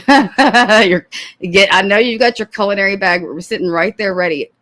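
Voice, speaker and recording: A woman's voice: mid-range voice, fairly quick, sharp tone. A woman hosting commentary on a live stream, sarcastic and often laughing, with casual swearing.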